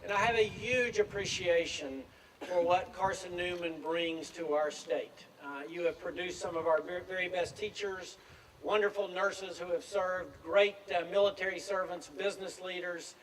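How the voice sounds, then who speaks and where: Man, about 60, relaxed self-deprecating commencement speaker; fairly high voice, recorded from afar outdoors. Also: normal speed, slight background noise. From Tennessee, USA. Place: outdoor field at a graduation ceremony. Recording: distant speech with faint outdoor ambience.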